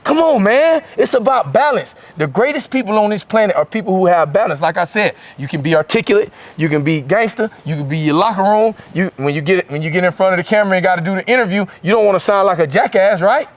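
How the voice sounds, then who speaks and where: A man's voice: high voice, animated, fast talker, hardly any pauses, no echo. A man in his forties from Florida, giving an emphatic motivational speech to a football team, mixing rhymes and street slang. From Florida, USA. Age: 40s.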